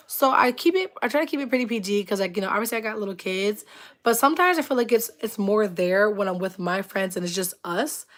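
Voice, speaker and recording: A woman's voice: mid-range voice, quick pace. A woman hosting a casual livestream, telling rambling stories full of "like", laughing, and greeting viewers in chat. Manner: expressive, laughs often. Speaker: livestream host.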